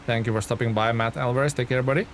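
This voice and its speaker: A man's voice: medium pitch, fairly even intonation, very fast, slight background noise. A young man giving casual, rambling commentary while he streams a game and thanks viewers in chat.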